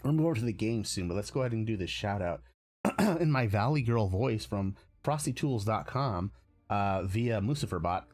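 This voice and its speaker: Faint music plays behind a US streamer whose lowish, darkish voice moves briskly with lively intonation. He hosts casually, rambling, correcting himself, and chuckling often.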